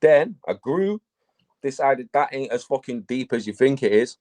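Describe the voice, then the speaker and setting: A man, a battle rapper, telling stories in a casual interview, profane and animated. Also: medium pitch, moderate pace.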